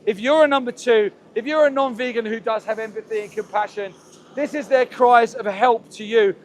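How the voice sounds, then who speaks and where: Outside a slaughterhouse, the same activist livestreamer keeps pleading and repeating himself into his handheld phone, his voice extremely high and his pace moderate. Slight background noise runs beneath his impassioned street commentary.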